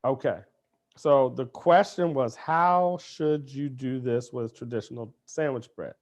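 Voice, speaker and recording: A man leads a live kids cooking lesson in an upbeat, chatty way. He talks straight to the children and their parents. His voice sits at an ordinary middle pitch for a man. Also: measured pace, a little mellow. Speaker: cooking show host.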